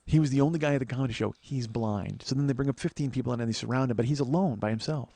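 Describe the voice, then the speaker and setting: Fast, profane podcast storyteller man. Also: mid-range voice, creaky, noisy background. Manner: profane, animated, acts out quotes. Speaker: podcast host. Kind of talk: solo storytelling monologue. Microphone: podcast mic.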